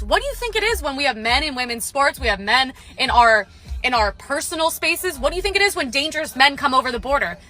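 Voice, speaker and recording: A woman's voice: high voice, bright, forceful tone. A woman giving a heated political rant in a scolding, condescending tone. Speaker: social media commentator.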